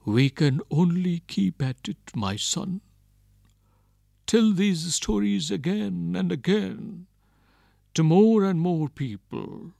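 A man's voice: high voice, animated, takes it slowly, gravelly, dark tone, no room sound, pitched above the performer's own voice, heavily acted. A man reading a kindly old grandfather. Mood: gentle.

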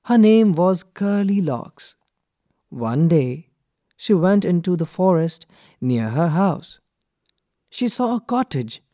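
A man reading a children's story aloud from a textbook, clear and deliberate for young learners. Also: high-pitched, sing-song, warm tone, no echo, studio quality. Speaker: textbook reader. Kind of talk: slow expressive storybook reading.

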